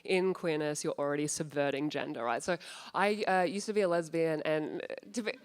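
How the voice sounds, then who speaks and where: A woman's voice: deep voice, a little fast. A woman comedian as guest on a live stage show, wry and laughing at her own jokes. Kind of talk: comic chat on stage.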